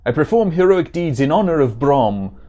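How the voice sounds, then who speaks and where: A man's voice: on the high side, big pitch swings, moderate pace, dark tone, dull audio. A man voicing a stern, earnest adult male warrior with a put-on German accent and formal old-style speech.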